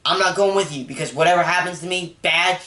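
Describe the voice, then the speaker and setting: A man's voice: high-pitched, fast talker, sharp tone. A man casually retelling a film scene by scene, rambling with many fillers. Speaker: movie reviewer. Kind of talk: casual spoken movie recap. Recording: echoey room.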